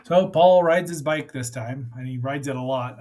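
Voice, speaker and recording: A man's voice: mid-range voice, normal speed, a little mellow, a little hiss or hum. A man hosting a casual review of an old film, rambling and chatty with many fillers and asides. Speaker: movie reviewer host.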